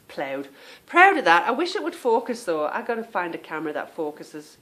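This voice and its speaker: A woman's voice: lowish voice, sing-song, a little fast, pushed and bright. Chatty British woman podcaster. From England. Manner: chatty and meandering, trailing off. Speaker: podcast host. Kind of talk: casual chat.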